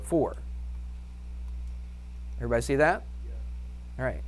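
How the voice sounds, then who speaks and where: Leading a math class, a man speaks in an unhurried, sing-song way at an ordinary male middle pitch. He's upbeat and chatty, repeatedly tossing out questions and answering them himself.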